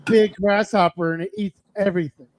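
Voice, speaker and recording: A man's voice: high-pitched, steady tone, a little fast, background noise. A man hosting a live radio stream, chatting casually and joking over a video call. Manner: loose, joking, swears casually. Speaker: radio show host.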